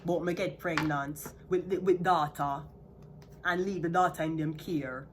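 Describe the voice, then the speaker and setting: A woman's voice: low voice, steady tone, measured pace, noisy background. Fiery Jamaican woman ranting. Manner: heated, profane, mixing patois with standard English. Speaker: vlogger. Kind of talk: unscripted rant to viewers.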